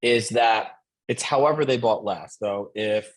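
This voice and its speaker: A man coaching real estate agents in a motivational session, upbeat and energetic, dropping in "right?" and "like". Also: lowish voice, unhurried, rough recording.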